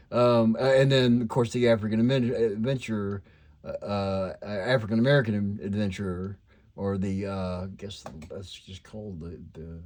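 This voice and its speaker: An older man with a slight twang and a lowish voice talks through whatever is on his mind. He rambles casually at home, full of fillers, restarts and side trails. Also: darkish tone. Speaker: toy collector vlogger.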